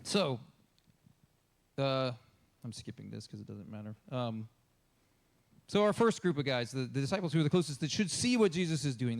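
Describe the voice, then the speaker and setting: A man preaching a casual, conversational sermon as a pastor, talking informally and acting out the people in the story he tells. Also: medium pitch. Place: church.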